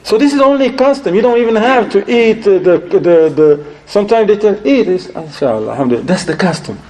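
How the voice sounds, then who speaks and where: A man lecturing to an audience, telling stories in a lively way, laughing often and sprinkling in Arabic religious phrases. His voice sits a bit high for a man. It also has a mellow, warm tone. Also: a little fast, poor audio. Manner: animated, acts out quoted voices, laughs often. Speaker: Islamic lecturer.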